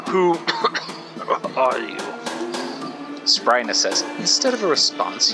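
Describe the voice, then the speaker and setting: A man hosting a game podcast, reading game text aloud and chatting casually with lots of fillers. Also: lowish voice. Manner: chatty, rambling, with frequent fillers. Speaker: podcast host. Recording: loud music behind voice. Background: loud music.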